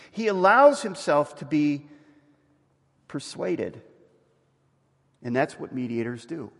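Male pastor, lively and slightly high voice, animated sermon delivery, church hall reverb. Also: creaky, breathy edge. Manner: animated preaching, voicing quoted speakers.

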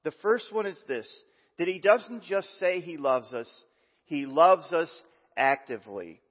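A man preaching a sermon as pastor, reading scripture aloud with asides and some halting restarts. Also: fairly high pitch, expressive, husky. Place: church sanctuary. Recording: muffled, long hall reverb.

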